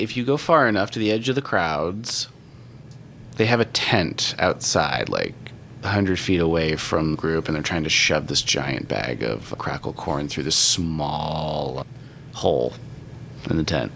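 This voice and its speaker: A man's voice: low-pitched, expressive, a little slow, vocal fry, a bit bright, slight background noise. A man running a tabletop game as game master, describing scenes casually with fillers.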